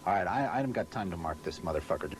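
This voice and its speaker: Outdoors beside a vehicle under hot lights, a spokesman films a promotional video, and these are the profane outtakes. His low voice is animated and racing as he swears constantly, exasperated and forgetting his lines, with slight background noise audible.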